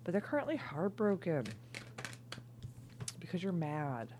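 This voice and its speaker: A tipsy woman doing a casual, rambling tarot reading, swinging between loud outbursts, laughter and whispers. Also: on the low side, very animated, unhurried, background noise. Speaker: tarot reader.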